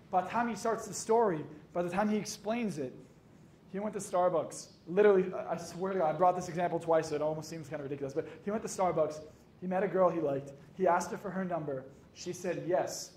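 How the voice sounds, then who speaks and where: A young man with a fairly high voice tells swearing, joke-filled stories and acts out both sides of each conversation. His motivational talk sounds roomy and echoey, with a faint hiss behind it. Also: fast talker, darkish tone. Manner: swearing, jokey, acts out dialogue. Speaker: hypnotist and coach. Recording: echoey room with faint noise.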